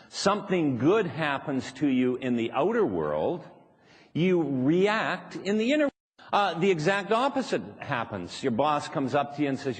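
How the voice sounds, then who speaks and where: Male workshop speaker, mid pitch, playful and quick to laugh, recorded live in an echoey hall with faint noise. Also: big pitch swings. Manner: playful, laughs often, acts out quoted voices. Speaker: seminar speaker.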